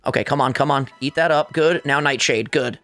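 A man giving casual, excitable commentary while playing a video game against a friend, trash-talking as he goes. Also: faint music behind. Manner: excitable, trash-talking, quick pitch jumps. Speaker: co-host gamer.

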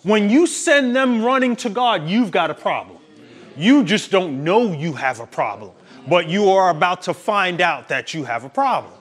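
A man's voice: sits high, big pitch swings, normal speed, fairly bright tone, husky. A male pastor preaching a sermon with emphatic, preachy delivery and laughing at his own points.

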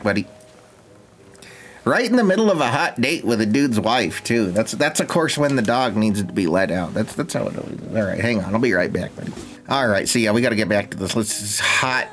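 A young man streaming a life-sim game, with casual, sarcastic, jokey commentary and frequent swearing. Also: mid-range voice.

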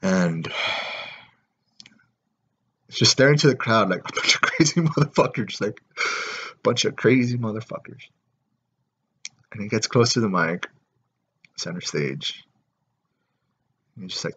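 A man telling a story in a rambling, excited way, with lots of fillers and swearing. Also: medium pitch, a little slow, pauses often, breathy edge, lo-fi sound. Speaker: vlogger. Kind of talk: casual storytelling.

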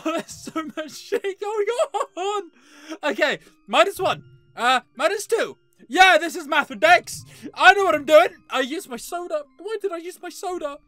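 A woman's voice: very high voice, fairly bright tone. A young woman commentating her play of a horror game, panicking, laughing and swearing at it. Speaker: gaming YouTuber.

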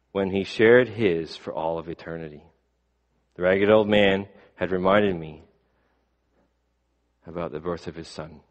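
A man preaching a sermon, telling a story in measured tones that fall soft at the ends of lines. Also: sits low. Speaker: pastor. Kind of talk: sermon with a read-aloud story. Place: church sanctuary. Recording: long reverb of a church hall.

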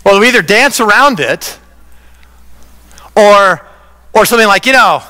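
A man pastor giving a conversational, animated sermon in a church. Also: sits high, a little slow, long pauses. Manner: conversational preaching, animated, acts out quoted voices. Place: church sanctuary. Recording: reverberant church hall.

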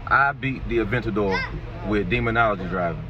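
A YouTuber and drag racer vlogs from a drag strip in hyped, casual talk, boasting, trash-talking his rival, and repeating his brags. His voice is fairly low and fairly quick. The recording sounds distant, dull, and lo-fi, with faint noise.

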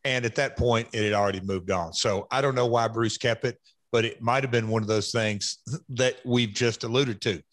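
A man in his fifties with a Southern US accent, hosting a podcast and reminiscing in a halting, reflective way. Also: mid-range voice, fairly even intonation, fairly bright tone, no room sound. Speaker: podcast host. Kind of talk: casual podcast chat.

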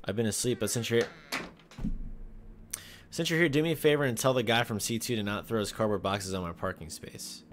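A man giving casual joking commentary while playing a horror game, talking to his viewers with sudden yelps and shouts. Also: fairly low pitch, fairly quick, pauses often, slight background noise. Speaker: gaming video host. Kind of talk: casual let's-play commentary.

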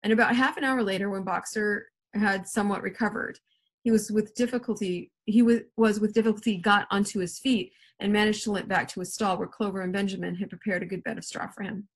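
Woman English teacher, expressive read-aloud, husky breathy tone, mid pitch. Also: brisk. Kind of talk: reading a novel aloud to a class.

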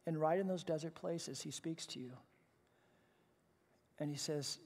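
A male pastor preaching a sermon in a conversational way, stumbling over repeated words and swinging from hushed to loud and emphatic. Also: high-pitched, lively intonation, normal speed, pauses often. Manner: conversational, with repeated false starts. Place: church sanctuary. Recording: reverberant church hall.

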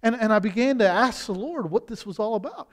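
A man preaching a sermon as pastor, talking conversationally with many restarts and swinging between loud and hushed. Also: high-pitched, fairly quick. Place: church sanctuary. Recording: long hall reverb.

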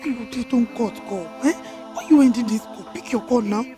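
An actress with a Yoruba-tinged Nigerian accent playing a pushy, gossiping friend. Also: female voice, a little high, quick pace, over music, lightly acted. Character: gossiping meddlesome friend, adult woman.

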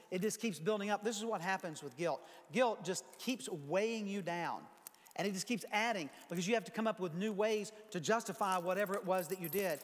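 Pastor guy preaching, high voice, chatty asides between bible verses, big echoey church hall. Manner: conversational preaching with asides and scripture reading. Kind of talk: sermon. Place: large church sanctuary.

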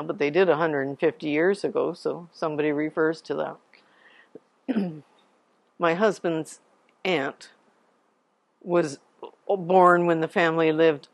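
A woman's voice: deep voice, no echo. Chatty woman giving a dry, close talk. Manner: chatty and digressive, clears throat now and then. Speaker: genealogy society speaker. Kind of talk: informal public talk.

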